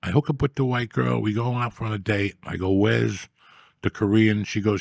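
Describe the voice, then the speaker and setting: Gravelly low-voiced guy rambling through a raunchy story, swears a lot, dry close sound. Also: steady tone, normal speed, no room sound. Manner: crude, profane storytelling, acts out quoted people. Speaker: storyteller guest. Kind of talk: casual storytelling chat.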